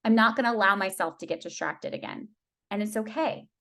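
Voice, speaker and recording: A woman's voice: mid-range voice, brisk, gravelly, pushed and bright. A woman in her thirties, a team leader telling her team an emotional story in a candid talk, with many restarts.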